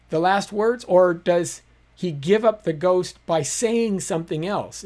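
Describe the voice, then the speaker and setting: A man hosts a live-streamed teaching talk and explains his points patiently. He speaks conversationally and often pauses on small fillers. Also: fairly high pitch. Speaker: apologetics teacher hosting a live show.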